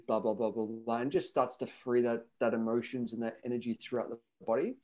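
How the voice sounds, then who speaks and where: A man's voice: medium pitch, a little fast, hardly any pauses. A middle-aged man telling running stories in a casual podcast chat, acting out the voices of the people in them. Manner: animated storyteller, acts out voices. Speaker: podcast guest runner.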